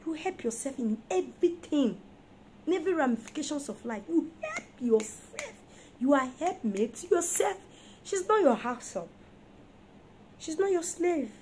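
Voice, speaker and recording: A woman's voice: sits high, big pitch swings, normal speed, darkish tone, slight background noise. A woman preaching an emphatic sermon on marriage, firing rhetorical questions at her listeners.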